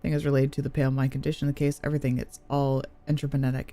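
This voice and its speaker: A woman's voice: extremely low pitch, little pitch movement, rapid-fire, mellow. Giggly woman streaming a game. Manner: chatty, giggly, thinks aloud. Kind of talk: casual game commentary.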